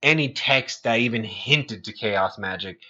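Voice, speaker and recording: A man co-hosting a podcast in casual chat, an animated storyteller who acts out scenes and swears freely. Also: medium pitch, unhurried, dull audio. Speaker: podcast co-host.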